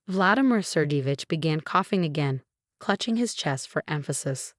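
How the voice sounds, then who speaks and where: Female narrator, low voice, dry close mic, steady scripted read. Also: moderate pace, dry recording.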